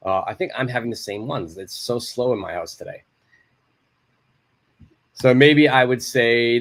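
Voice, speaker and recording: A man's voice: medium pitch, a little slow, pauses often. A man teaching an English lesson live from home, reading out viewers' answers and praising them. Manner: encouraging, reads out viewers' answers and models phrases.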